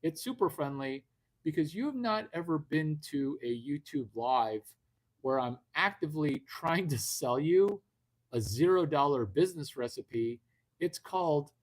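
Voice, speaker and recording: A man hosting a live video stream, talking brashly and rambling at his viewers with a lot of swearing. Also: a little high. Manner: brash, profane, rambling, addresses viewers directly. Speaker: livestream host. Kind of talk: unscripted livestream talk.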